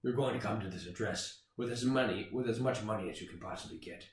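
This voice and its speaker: A low, quiet Irish kidnapper threatening over the phone, as a man puts him on. The voice sits well below the speaker's normal pitch and has a hushed, menacing edge. Behind it is a roomy, echoey space. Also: quick pace, natural voice. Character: Irish-accented movie tough guy kidnapper, man.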